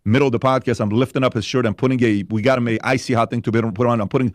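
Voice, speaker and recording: A man's voice: mid-range voice, fairly even intonation, racing, dry recording. A man holding forth on a podcast, driving his advice home by repeating himself. The sound is close and dry. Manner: emphatic, repetitive advice-giving. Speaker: podcast host in clip. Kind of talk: podcast monologue.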